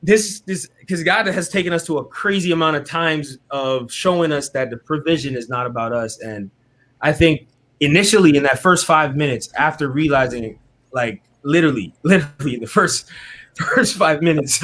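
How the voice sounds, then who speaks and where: A man with a slightly high voice tells his faith testimony as an interview guest. He is casual and animated, and he often checks in with "right?" He also voices the people in his story as he goes. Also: normal speed. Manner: animated, often tags "right?", acts out other people's words.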